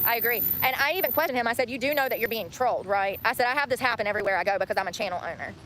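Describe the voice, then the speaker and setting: A woman who livestreams herself, ranting at a fast clip and circling back over her own points. Her voice sits a little high. Faint background noise runs under her talk. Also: a bit bright. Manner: ranting, indignant, repeats herself.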